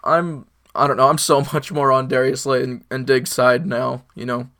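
A man's voice: mid-range voice, little pitch movement, moderate pace, pushed and bright. A young man co-hosting a casual sports podcast, laid-back and rambling, full of fillers. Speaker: podcast co-host.

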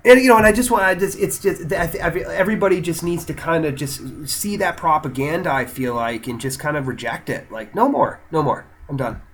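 An animated man co-hosting a casual political chat, his voice sitting a little high for a man. He keeps checking in with a quick "right?" and drops from loud bursts to near-murmurs. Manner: animated, tags statements with "right?"; swings between loud excitement and quiet musing.

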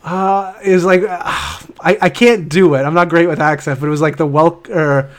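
A man's voice: a little high, steady tone, a little fast, few pauses. A Canadian man co-hosting a podcast, chatting casually with many hesitations. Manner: rambling, hesitant, laughs often. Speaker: podcast co-host. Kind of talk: casual chat.

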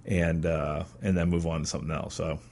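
American man, podcast co-host, very deep husky voice, halting casual delivery. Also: flat delivery, darkish tone. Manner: hesitant, lots of fillers and trailing off. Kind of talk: casual chat.

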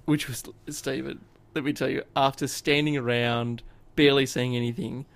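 A man's voice: medium pitch, fairly even intonation, moderate pace, creaky. A man telling a long personal story in casual chat on a podcast, with lots of fillers and restarts. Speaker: podcast co-host.

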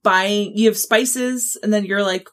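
A woman's voice: medium pitch, fairly even intonation, measured pace. A woman chatting casually as a podcast co-host, gushing and giggly. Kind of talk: casual chat.

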